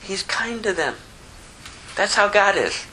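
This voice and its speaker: A woman preaching a sermon with emphatic rhetorical questions and wide swings in pitch. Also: big pitch swings, slow pace, bright, forceful tone, a little hiss or hum, poor audio.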